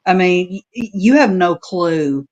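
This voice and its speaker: A woman in a casual chat, talking in an indignant, quick way. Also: on the low side, expressive, darkish tone.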